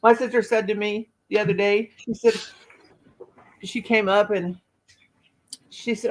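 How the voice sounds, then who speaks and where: A woman's voice: mid-range voice, fairly even intonation, unhurried, long pauses, poor audio. A woman in her fifties hosts a live stream with casual, unfiltered chat. She rambles through candid stories and speaks bluntly, with no care for who might be offended.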